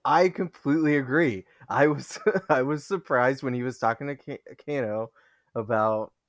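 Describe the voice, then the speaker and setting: A man co-hosting a casual movie podcast, laughing often and trading quick banter. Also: medium pitch, no echo, clean studio sound. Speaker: podcast co-host. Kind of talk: casual movie-rewatch chat.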